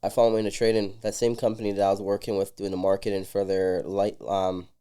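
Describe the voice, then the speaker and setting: Brief: male podcast guest, rapid delivery, mellow dark tone, lively storyteller. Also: fairly low pitch, clear, resonant tone. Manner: animated storyteller who acts out dialogue. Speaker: entrepreneur guest. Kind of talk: casual podcast chat.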